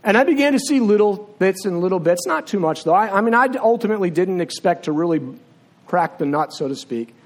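A man's voice sitting a little high for a man carries a sermon in a church sanctuary. He tells stories in a relaxed, conversational way, like a teacher talking to a class. When he leads the room in prayer, he drops into a low, hushed voice. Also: fairly quick. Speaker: preacher. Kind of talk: sermon with personal storytelling and prayer. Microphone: filmed on camera while preaching.

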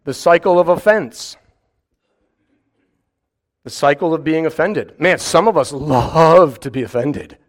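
A man preaching a sermon in an animated way, acting out mock voices and firing rhetorical questions. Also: fairly high pitch, a little slow, long pauses.

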